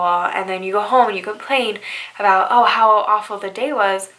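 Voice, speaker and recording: Bright, upbeat woman giving pep talk. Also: medium pitch, fairly even intonation, a little fast, low-quality recording. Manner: upbeat, chatty, keeps asking "right?". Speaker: bridal stylist. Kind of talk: motivational vlog talk.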